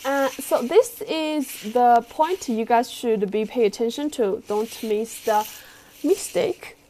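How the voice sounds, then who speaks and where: A Chinese-accented woman teaching a class at a very unhurried pace, with a slightly high voice. She models each sound with patient care, and faint noise hums behind her. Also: dark tone. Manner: slow, patient, careful tone modelling. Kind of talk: classroom lesson with repeat-after-me drills.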